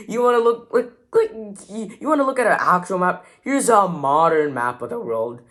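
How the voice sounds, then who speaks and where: A man's voice: high voice, expressive, normal speed, hardly any pauses, fairly bright tone. A young man hosting a reaction video, mocking and exasperated, full of "like" fillers. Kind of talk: sarcastic reaction commentary.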